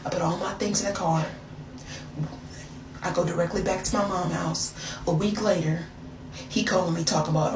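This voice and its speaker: A woman's voice: on the low side, fairly even intonation, moderate pace, pauses often. A woman spins a story in a chatty, slangy storytime voice, playing up the drama as she goes. Her voice bounces around a roomy space, picked up from some distance. A layer of noise sits beneath it. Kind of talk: casual storytime. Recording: echoey room, far from mic, noisy.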